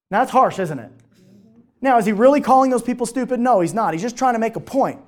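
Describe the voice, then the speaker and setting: A man giving an animated motivational talk to a live audience, telling stories and checking in with questions. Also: extremely high pitch, fast. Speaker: speaker at a business team event.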